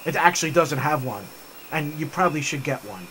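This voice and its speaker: A man playing an easygoing chimney sweep who gives advice in a plain, businesslike way. The voice sits high and bright. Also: expressive, a little fast, slight background noise, rough recording. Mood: matter-of-fact. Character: matter-of-fact adult male chimney sweep.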